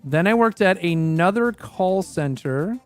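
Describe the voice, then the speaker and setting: A man's voice: high-pitched, expressive, measured pace, faint music behind. A Canadian man in his thirties, chatting casually and rambling through his past jobs, swearing freely and correcting himself as he goes. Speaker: streamer.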